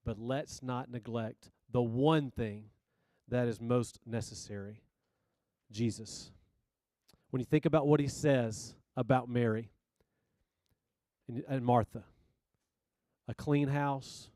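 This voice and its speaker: A man's voice: medium pitch, no echo. Dry-miked man preaching a youth sermon. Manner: storytelling, animated asides.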